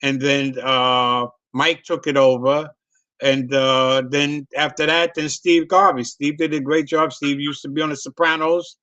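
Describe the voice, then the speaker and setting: A man's voice: a little high, fairly even intonation, unhurried, sharp tone, dull audio. A man hosting a casual interview, telling loose profane stories with many restarts and repeats. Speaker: host.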